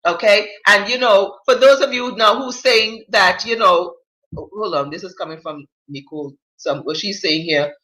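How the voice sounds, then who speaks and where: Female talk host, blunt and emphatic, bright tone, echoey room. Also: mid-range voice, moderate pace. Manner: outspoken, emphatic, blunt, with slang. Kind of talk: live-stream advice talk, reading viewer comments.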